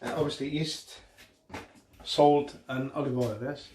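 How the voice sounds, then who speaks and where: A middle-aged man from northwest Spain hosts a casual home cooking demonstration in his home kitchen, rambling and chatting with lots of fillers and tag questions. His voice is medium-pitched and darkish, his delivery flat and a little slow. The kitchen sounds echoey, with cooking noise in the background.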